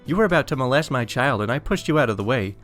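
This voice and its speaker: A man's voice: mid-range voice, lively intonation, fast talker, fairly bright tone, soft background music, close to an everyday voice. A man voicing a rude, entitled mother who speaks in a demanding, insulting way. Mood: angry accusing.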